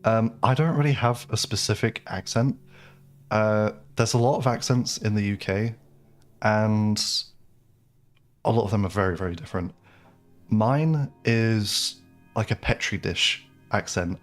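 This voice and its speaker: English male streamer, lowish voice, rambling chatty delivery, faint game music underneath. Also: measured pace. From England. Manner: rambling, chatty, many fillers and restarts. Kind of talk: casual live-stream chat.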